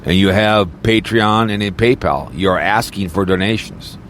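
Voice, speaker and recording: A man's voice: fairly low pitch, unhurried, a bit bright, a little hiss or hum. A man podcaster in a rambling, crude and mocking casual rant, talking from a car. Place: in a car, snowy weather.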